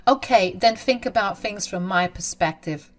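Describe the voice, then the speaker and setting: A woman's voice: medium pitch, moderate pace, soft background music, lightly acted. A woman voicing a protective young bride who speaks emphatically and with outrage. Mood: indignant.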